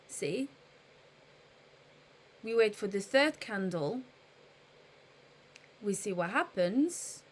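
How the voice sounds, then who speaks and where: Slow, easygoing woman streamer. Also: medium pitch, a little hiss or hum. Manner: relaxed, thinks aloud, explains trading patiently. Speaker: live streamer. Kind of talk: casual live-stream chat.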